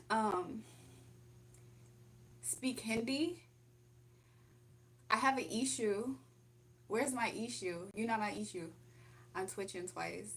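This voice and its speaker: A woman's voice: mid-range voice, fairly bright tone. A young woman hosting a casual livestream from home, chatting, laughing often and reading comments aloud. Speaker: livestream host.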